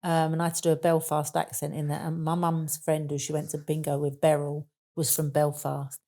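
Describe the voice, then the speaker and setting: A Cockney woman in her sixties, interviewed as a guest, tells stories in a chatty, casual way, dropping fillers like "and that." Her warm voice sits low and stays monotone at a slightly fast pace.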